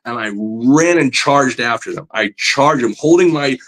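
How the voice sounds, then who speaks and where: A man with a middle-range voice speaks as a podcast guest, spinning a story in a loose, conversational way. He fills his speech with casual asides, and his voice rises as he gets excited. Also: mid-range voice, a little slow, low-quality recording. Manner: animated storyteller, voice climbs when excited; conversational, many fillers like "you know". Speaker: comic book artist guest.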